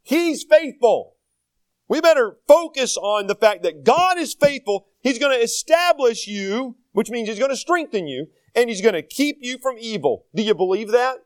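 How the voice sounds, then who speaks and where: An older man preaches in a high voice that swoops up and down. His folksy, self-deprecating sermon is full of rhetorical questions, and the sound is close and dry. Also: expressive, normal speed, few pauses, smooth, dry recording. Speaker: pastor.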